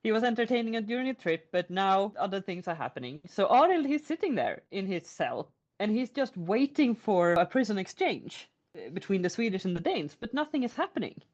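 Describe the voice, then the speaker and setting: A woman retelling an old folk tale in a chatty, animated storytelling style. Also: mid-range voice, fairly quick. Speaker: podcast storyteller. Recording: lo-fi podcast audio.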